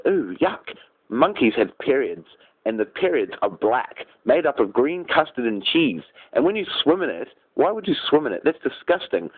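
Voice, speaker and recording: A man's voice: mid-range voice, sing-song, moderate pace, slightly rough. A man rambling through a crude, improvised nonsense story, giggling at his own jokes. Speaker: vlogger telling an improvised rant. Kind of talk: improvised absurd storytelling rant. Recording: tinny phone-like audio.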